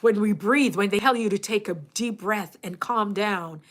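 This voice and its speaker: A woman with a Jamaican accent, hosting a casual livestream and chatting to her viewers, animated and laughing often. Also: medium pitch, moderate pace. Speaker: YouTube coach and livestream host.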